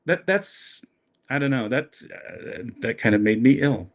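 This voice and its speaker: Slow-talking, wry male podcast guest. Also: mid-range voice, animated. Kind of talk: casual conversation.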